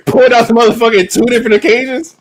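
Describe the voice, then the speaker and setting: A young man hosting a podcast, telling a profane story in casual, animated talk. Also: extremely high pitch, very fast. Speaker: podcast host.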